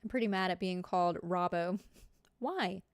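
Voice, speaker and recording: A woman's voice: medium pitch, fairly even intonation, a little slow, dry recording, clean studio sound. A woman with a Southern US accent, a streamer chatting casually with her live viewers, giggly and full of fillers.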